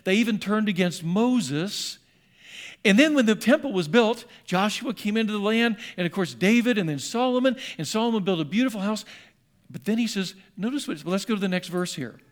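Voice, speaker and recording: Preacher guy, pretty high voice, gets loud then drops to a hush, acts out the bible voices. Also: expressive, fairly quick. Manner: dramatic, voices the scripture speakers, swings between loud and hushed. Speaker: pastor. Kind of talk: sermon. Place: church sanctuary.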